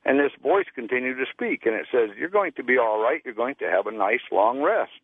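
A man's voice: mid-range voice, lively intonation, a little fast, dry recording. A male caller, telling a personal story in a plain, folksy way. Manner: plain folksy storytelling, acts out quoted voices. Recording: tinny phone line.

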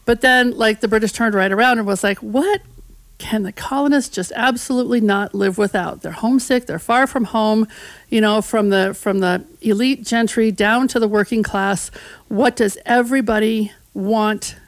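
A woman's voice: fairly high pitch, moderate pace, no echo. Chatty woman historian on radio. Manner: conversational storytelling, acts out voices of history. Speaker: historian guest. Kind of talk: casual radio chat.

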